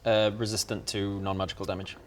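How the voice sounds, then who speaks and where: A man's voice: fairly low pitch, level tone, brisk, a little hiss or hum. A man running a tabletop game, explaining rules patiently. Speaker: game master.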